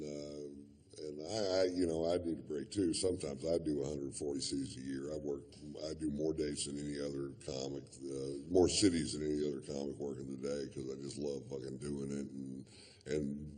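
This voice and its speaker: A man's voice: extremely low pitch, fairly even intonation, brisk, warm tone. A man doing stand-up comedy, telling a long story in a laid-back, profane drawl full of fillers.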